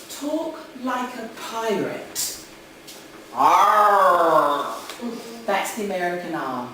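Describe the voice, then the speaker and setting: Female presenter with a New Zealand accent, animated and jokey, recorded in a reverberant conference hall with faint room noise. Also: mid-range voice, recorded from a distance. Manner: chatty, jokey, animated with audience asides. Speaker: conference speaker for English teachers. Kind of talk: lively conference talk. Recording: echoey hall, speaker off-mic at times.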